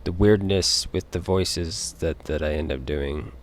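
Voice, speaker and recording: A man with a Utah accent chatting casually on a live stream, rambling and halting, with casual swearing. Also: rumbling low, slight background noise.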